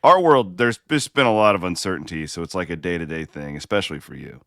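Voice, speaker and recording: Man, middle-aged, very deep voice, casual podcast co-host, rambling with restarts, dry close sound. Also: expressive, fast, a bit bright, dry recording. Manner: chatty, self-deprecating, frequent restarts. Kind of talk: casual sports chat.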